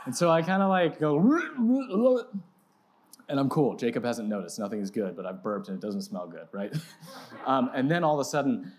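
A man preaching to a live audience in a casual, self-mocking storytelling style, peppered with "like" and "right?", swinging from loud excitement to quiet reflection. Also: lowish voice, quick pace. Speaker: pastor.

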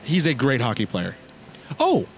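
A man's voice: mid-range voice, wildly swooping pitch, unhurried, a little hiss or hum. A man co-hosting a casual sports chat, dry and sarcastic, often hesitating with fillers. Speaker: podcast co-host.

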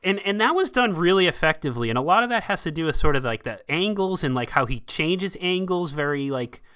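A man hosting a casual film review podcast, talking in an animated, enthusiastic way. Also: fairly high pitch, brisk, clean tone. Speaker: podcast host.

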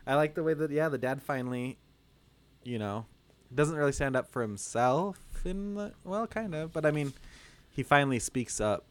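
A man's voice: a little high, lively intonation, moderate pace. A man co-hosting a casual film chat, laughing often.

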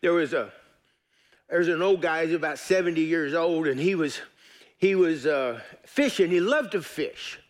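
Folksy pastor, high voice. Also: male voice, lively intonation, normal speed. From United States. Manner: folksy, joking, earnest. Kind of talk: sermon. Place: church.

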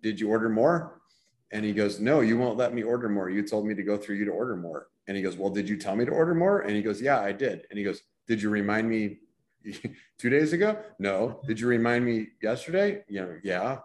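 A man in a casual panel discussion, telling an animated story and acting out the dialogue. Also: fairly low pitch, fairly quick.

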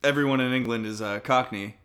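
Deadpan man with a bright voice. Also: medium pitch, fast talker. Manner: dry, deadpan quips while reading notes. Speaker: podcast co-host. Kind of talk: casual comedic chat.

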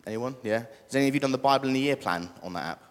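Chatty young British preacher, echoey hall. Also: male voice, mid-range voice, racing. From Britain. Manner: chatty, joking with the congregation. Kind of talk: casual church sermon.

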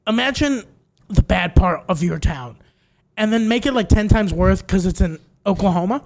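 Man, young adult, high voice, podcast co-host, animated storyteller, casual chat. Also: moderate pace. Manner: animated storyteller, acts out quoted voices, laughs often.

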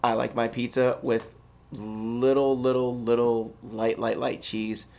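A man in casual podcast banter, blunt and opinionated. He jokes as he argues, in a voice of ordinary middle pitch. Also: flat delivery, slow, vocal fry, a little mellow. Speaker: podcast co-host. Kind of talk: casual chat.

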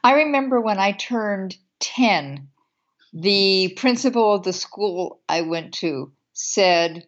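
A woman's voice: mid-range voice, lively intonation, slow pace, lo-fi sound. A woman in her seventies, chatting as an interview guest in a witty, laughing manner. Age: 70s. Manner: warm, witty, laughs often. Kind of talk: casual interview chat.

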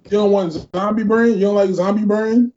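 A man's voice: sits high, brisk. A man co-hosting a podcast, bantering in casual chat with slangy jokes. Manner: joking, slangy, lively interjections. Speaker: podcast co-host. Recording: dull lo-fi podcast audio.

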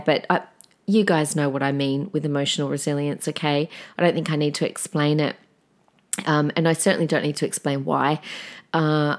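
An Australian woman in her forties, hosting a parenting podcast in a chatty, conversational monologue full of fillers and lively storytelling. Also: low-pitched.

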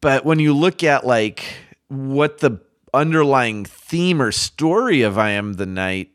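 A man's voice: medium pitch, animated, unhurried, dry recording, studio quality. A man co-hosting a podcast, chatting casually about movie trailers in a rambling way with lots of fillers. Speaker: podcast co-host.

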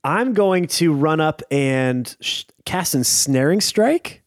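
Player, man, slightly high, very lively voice, playful. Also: no echo, studio quality. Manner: playful, quick banter. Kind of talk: casual tabletop play.

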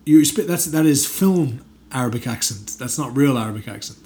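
Guy in an interview, mid pitched voice, rambly with uhs and ums, gets excited now and then. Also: normal speed. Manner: chatty, many fillers and restarts. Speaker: actor guest. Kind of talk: casual interview chat.

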